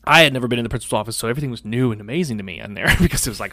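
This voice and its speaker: A middle-aged man on a podcast, telling a childhood story in a casual, animated, profane way and acting out the other people's lines. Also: mid-range voice, racing, few pauses, dry recording, clean studio sound. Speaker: podcast co-host.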